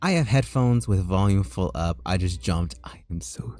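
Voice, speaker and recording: Lively, loud man streaming. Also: sits low, moderate pace, hardly any pauses, soft background music. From United States. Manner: loud, animated and jokey, with frequent "like" fillers. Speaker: livestreaming artist. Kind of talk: casual livestream chat while drawing.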